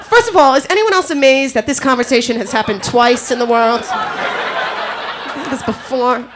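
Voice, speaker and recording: A woman doing a brash, profane stand-up comedy set at a comedy club, animated throughout, in a live club recording with audience noise. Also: sits high, normal speed. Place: New York comedy club.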